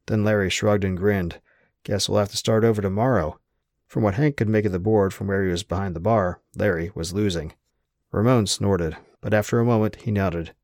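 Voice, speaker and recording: A man narrating an audiobook in a steady, wry storytelling manner. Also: fairly low pitch, dry recording, studio quality.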